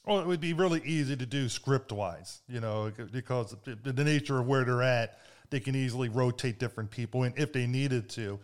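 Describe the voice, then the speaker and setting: A man in casual conversation, asking measured, thoughtful questions. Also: medium pitch. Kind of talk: casual chat.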